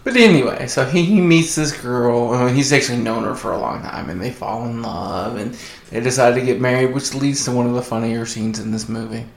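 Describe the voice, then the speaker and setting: A man's voice: medium pitch, brisk, vocal fry, reverberant. A man co-hosting a podcast in casual chat, retelling movie plots with joking asides. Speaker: podcast co-host.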